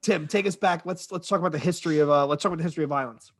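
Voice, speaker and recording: A man's voice: a little high, rapid-fire. A man hosting a podcast in casual chat, talking loosely and steering the talk with questions. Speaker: podcast host.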